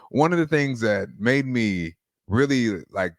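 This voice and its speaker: A man's voice: mid-range voice, lively intonation, takes it slowly, dry recording, studio quality. A man co-hosting a podcast, talking through faith in a casual, rambling way full of restarts. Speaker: podcast co-host.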